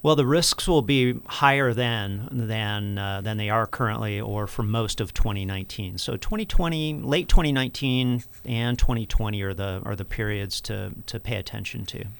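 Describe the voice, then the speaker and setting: A man speaks with a low, gravelly voice that stays smooth and resonant. He explains economic figures patiently as an interviewed researcher, pausing often on small fillers. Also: dry recording. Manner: measured, explanatory, with frequent fillers. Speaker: economist, research center director. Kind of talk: radio interview answers.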